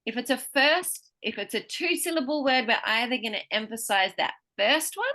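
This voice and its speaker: Bright-voiced woman coaching word stress. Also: on the high side, lively intonation. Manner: patient, models words slowly and clearly. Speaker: pronunciation teacher. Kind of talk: one-on-one pronunciation lesson.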